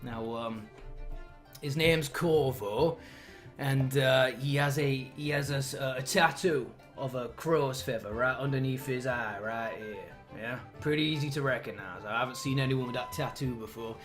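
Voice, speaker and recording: Man doing a gruff tavern keeper. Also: mid-range voice, moderate pace, music in the background, voice pushed down, natural voice. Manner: brusque, swearing, businesslike. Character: gruff male tavern keeper and job broker.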